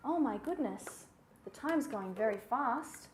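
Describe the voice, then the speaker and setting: A woman's voice: a little high, big pitch swings, a little slow. A woman presenting a children's music segment, singing a nursery rhyme with gasps and playful animal noises. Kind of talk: sung nursery rhyme lesson. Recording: echoey room with faint noise.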